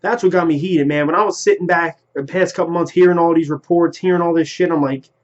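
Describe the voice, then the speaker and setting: A man's voice: fairly high pitch, fairly even intonation, fast talker, few pauses. Heated, profane sports-fan man ranting. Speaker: sports vlogger. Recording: lo-fi home recording.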